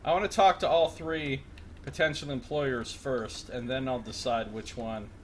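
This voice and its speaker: A man giving casual, jokey gameplay commentary on a livestream, rambling with loud outbursts. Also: medium pitch, steady tone, measured pace, a little hiss or hum. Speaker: streamer.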